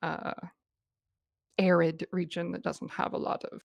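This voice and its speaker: A woman's voice: lowish voice, flat delivery, a little slow, gravelly, dry recording. A woman voicing a polite female goblin ranger who stammers and hesitates. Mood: polite, halting.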